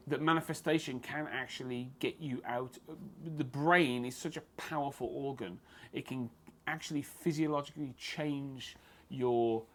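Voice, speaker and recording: A man, a fight photographer talking as a podcast guest in a blunt, lively, profane storytelling manner. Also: medium pitch, slight background noise. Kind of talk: casual podcast chat. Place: martial arts gym.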